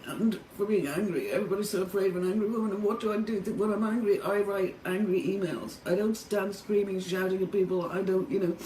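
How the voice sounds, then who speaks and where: A woman's voice: a little high, mellow, roomy sound. Irish woman, middle-aged, distressed and tearful, heavy swearing, far from the mic, faint hum behind. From Ireland. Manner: distressed, swearing heavily, rising to angry outbursts. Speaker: vlogger. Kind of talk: raw emotional monologue to camera. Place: motel room.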